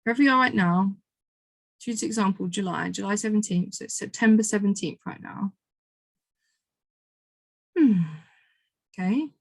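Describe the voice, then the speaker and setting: A woman's voice: mid-range voice, moderate pace, gravelly, long pauses, no room sound. A woman in the middle of her range gives a motivational coaching talk, pressing each point through repetition and casual swearing. Her voice is close and dry, with no room around it. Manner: emphatic, repetitive, swears freely. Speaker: manifestation coach.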